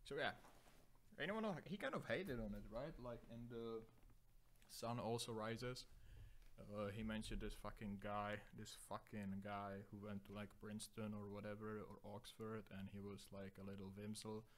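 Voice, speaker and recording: A man's voice: on the low side, fairly even intonation, normal speed. A young man hosting a solo podcast, rambling through profane, self-deprecating digressions. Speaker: podcast host.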